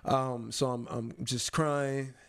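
A young adult man in an interview, telling a personal story in a reflective, halting way with many pauses and restarts. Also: mid-range voice, level tone, fairly bright tone.

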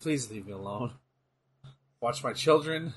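A man's voice: mid-range voice, lively intonation, measured pace, noisy background, pitched below the performer's own voice, lightly acted. A man mimicking a tired elderly mother who wants to be left alone. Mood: weary. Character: tired elderly mother watching her son.

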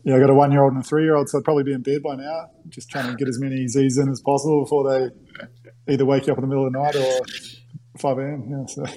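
A man's voice: mid-range voice, little pitch movement, fast, dark tone, a little hiss or hum, rough recording. A man in his thirties from Australia, a guest on a video call, laid-back with dry humour.

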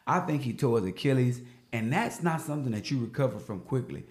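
Animated man in an echoey room. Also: mid-range voice, fairly quick. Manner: animated, emphatic, slangy. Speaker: sports talk co-host. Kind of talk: casual opinionated sports talk. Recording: roomy echo.

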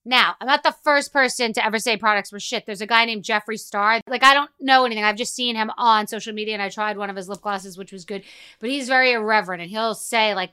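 A woman's voice: fairly high pitch, fast, pushed and bright, clean tone. A woman hosting her own podcast, talking in a blunt, profane, rambling monologue full of asides. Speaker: podcast host. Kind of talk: casual monologue.

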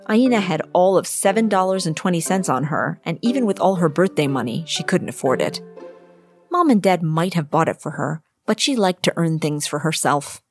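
A woman narrates a storybook aloud, expressive and shifting her delivery for each character. Her voice sits a little low but moves in lively swoops, with faint music in the background. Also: normal speed. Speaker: author reading her story.

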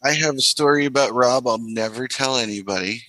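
A man's voice: mid-range voice, brisk, no room sound, low-quality recording. A man, a guest artist on a podcast, chatting casually and acting out quotes as he tells stories. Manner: animated storyteller, acts out quotes.

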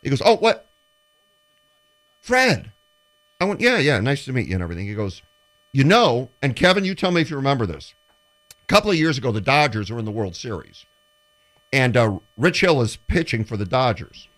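On a sports talk show, a man with a medium-pitched voice talks briskly in casual radio chat. He tells stories with animation, performing the voices of the people he quotes.

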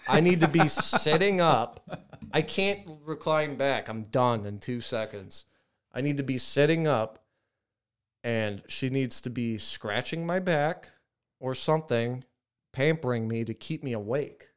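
A man's voice: medium pitch, a little slow, smooth. Casting: male podcast co-host, rambling storyteller, swears freely, loose and chatty. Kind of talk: casual chat.

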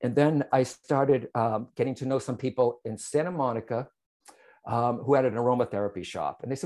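A man's voice: mid-range voice, brisk. A man, a psychic medium, telling his story to an interviewer and often checking in with "right?" and "okay?". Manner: animated, speaks straight to the host, frequent "right?" and "okay?".

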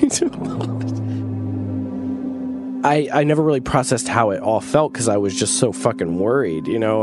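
A man casually telling a long personal story in an interview, swearing freely and filling his speech with "like". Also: mid-range voice. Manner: rambling, profane, fillers like "like", laughs often. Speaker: interview guest.

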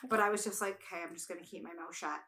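A young woman tells a story in a casual podcast chat, her voice bright and forceful. She swears freely and bursts into loud acted-out quotes. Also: fairly low pitch, racing. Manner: animated, swearing, acts out quotes loudly. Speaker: podcast guest.

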